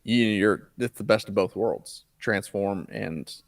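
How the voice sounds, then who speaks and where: A man with a low voice co-hosts a laid-back podcast, chiming in with quick, chatty comments. His voice sounds dry and close, with no room echo. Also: creaky. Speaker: podcast co-host. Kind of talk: casual podcast chat.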